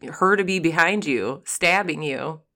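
A woman's voice: sits low, unhurried, sharp tone. A young woman co-hosting a podcast, chatting casually and teasing with lots of laughs. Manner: giggly, teasing, jokey. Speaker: podcast co-host. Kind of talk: casual chat.

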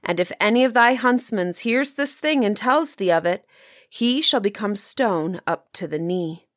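Earnest, formal male huntsman pleading with his lord , read by a woman storyteller, slow and dry. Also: mid-range voice, animated, dry recording, close to an everyday voice. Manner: earnest, formal archaic speech.

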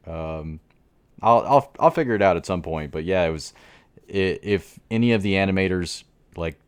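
A man's voice: sits low, moderate pace, clear, resonant tone, no room sound. A young adult man co-hosting a podcast in casual chat, laid-back and prone to repeating words as he trails off. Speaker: podcast co-host.

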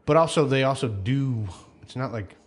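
A man co-hosting a podcast who speaks haltingly, searches for words, and asks curious follow-up questions. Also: mid-range voice, slightly rough. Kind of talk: casual chat.

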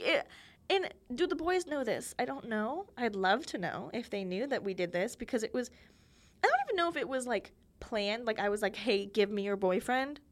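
A young woman hosting her own podcast, telling childhood stories in a chatty, giggly way and acting out quoted voices. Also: fairly high pitch. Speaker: podcast host. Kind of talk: casual solo storytelling.

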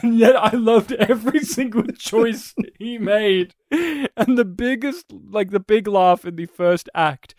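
A podcast host in casual film chat, talking in animated, quick bursts and laughing often. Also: medium pitch, no echo, clean studio sound.

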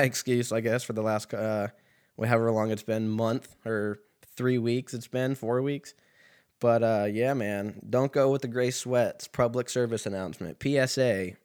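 A young man hosting a podcast, telling a comedic story in a rambling, profane way full of fillers, recorded at a laundromat. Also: medium pitch. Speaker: podcast host.

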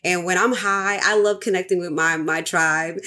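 A woman's voice: fairly low pitch, normal speed. A woman, co-hosting a casual podcast chat and telling stories, acting out what people said. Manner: animated storyteller acting out quotes. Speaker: podcast co-host.

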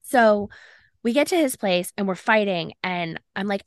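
A woman's voice: medium pitch, measured pace, no room sound. Young woman podcast host rambling through a story, lots of "like", mid voice, dry close mic. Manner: animated, fillers of "like", acts out quoted lines. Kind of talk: casual storytelling chat.

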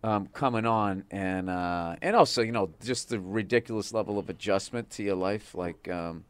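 A man's voice: on the low side, normal speed, clean tone, dry recording. A man from the Boston area chatting casually as a comedian, telling stories full of fillers and swearing. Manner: rambling storytelling with lots of fillers and swearing. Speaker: comedian guest. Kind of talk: casual chat.

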